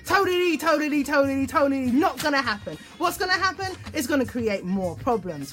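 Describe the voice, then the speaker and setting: A woman therapist teaching about relationships in a lively, up-and-down voice, set a little higher than most. She keeps checking in with listeners and acts out example phrases, with faint music behind her. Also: a little fast, few pauses. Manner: animated, checks in often with "okay?". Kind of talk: instructional talk on relationships.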